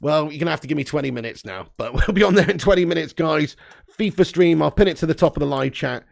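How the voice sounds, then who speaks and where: Guy, slightly high voice, gravelly, casual live-stream chat, laughs a lot. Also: quick pace. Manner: laughing, reading out viewer comments.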